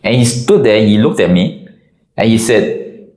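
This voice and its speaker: A man from Singapore narrates a personal army story in a low voice with lively, swinging intonation. He talks in an expressive, conversational way, and the room around him gives a clear echo. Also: unhurried, long pauses. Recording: echoey room.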